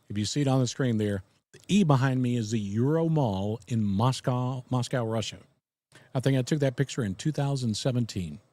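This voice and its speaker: A man's voice: medium pitch, warm tone, no room sound. Folksy Southern man hosting a live stream. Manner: folksy, rambling, chuckles often. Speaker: podcast host. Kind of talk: casual live-stream chat.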